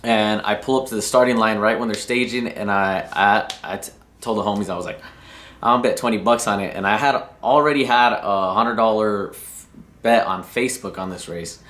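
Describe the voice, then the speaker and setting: Low-voiced man telling a racing story. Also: normal speed, fairly bright tone. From New Mexico. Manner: slangy, rambling, swears freely. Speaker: racing vlogger. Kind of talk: casual storytelling to camera.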